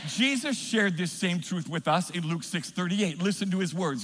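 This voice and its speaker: A man preaching a sermon in a church, emphatic and rising to shouts as he calls for responses. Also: sits high, animated, moderate pace, hardly any pauses, long reverb tail.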